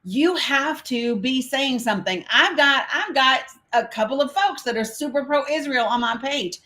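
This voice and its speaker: High-pitched, animated, pushed and bright, though a little slow, the voice belongs to an American woman hosting a livestream panel. She talks casually, then grows impassioned and profane as her outrage rises.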